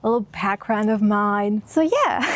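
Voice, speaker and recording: High-voiced chatty young woman from Croatia. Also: lively intonation, normal speed, soft background music. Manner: chatty, self-deprecating, emotional. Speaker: vlogger. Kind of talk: casual vlog talk to camera. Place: outdoors in a hot town.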